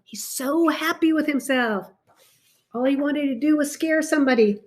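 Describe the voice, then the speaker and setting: A woman reading a picture book aloud to a child, stopping often to point things out and ask him questions in an animated, exclaiming way. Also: sits high. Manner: animated, talks to a child between pages; slow and warm, exclaiming often. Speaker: reader to a child.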